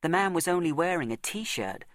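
Man narrating a storybook, measured and dry. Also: fairly high pitch, animated, fairly bright tone, no echo. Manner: measured, dramatic pauses and slowed emphasis.

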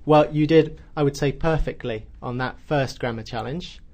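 A man's voice: medium pitch, moderate pace, a little mellow. A man hosting a radio grammar lesson in an upbeat, encouraging way.

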